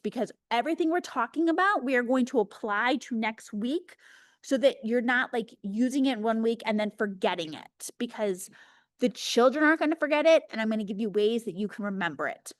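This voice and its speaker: A woman in her thirties teaching an early childhood workshop over a video call, chatty and energetic, slowing down to demonstrate words. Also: fairly high pitch, no room sound, studio quality. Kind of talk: teaching a live webinar.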